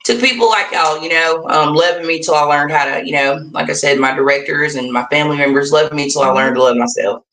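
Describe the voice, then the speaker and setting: A woman's voice: deep voice, fast talker, hardly any pauses, a bit bright. A woman with a Southern US accent, a guest on a streamed interview, who talks casually, says y'all, and laughs easily. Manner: laughs easily, uses y'all and you know. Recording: echoey room on a call.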